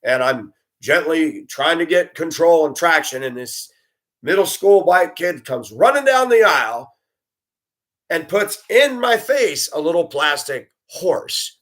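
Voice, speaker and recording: A man telling stories about his years as a school bus driver, blunt and animated, acting out the voices he quotes. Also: fairly high pitch, measured pace. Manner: blunt, plain-spoken. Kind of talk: storytelling monologue.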